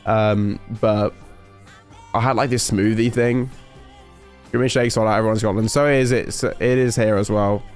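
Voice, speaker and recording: A man's voice: fairly low pitch, steady tone, moderate pace, soft background music. A young man from the UK telling a story in casual stream chat, rambling and interrupting himself, laughing often.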